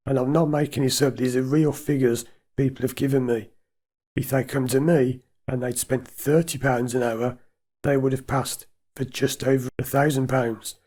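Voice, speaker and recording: Male driving instructor, mid-pitched, mellow tone; emphatic, no-nonsense advice delivery. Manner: blunt, emphatic, lecturing. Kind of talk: advice talk to camera.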